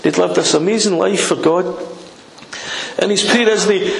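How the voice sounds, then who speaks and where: A man's voice: sits high, a little slow, creaky, long pauses. A man preaching an informal sermon in a conversational, emphatic way, acting out scripture scenes. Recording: echoey room with faint noise.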